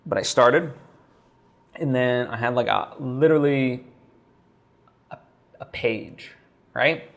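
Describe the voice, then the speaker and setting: A man's voice: medium pitch, takes it slowly, vocal fry, pauses often. A man talking straight to camera in a casual vlog, thinking aloud with lots of fillers and restarts. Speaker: vlogger.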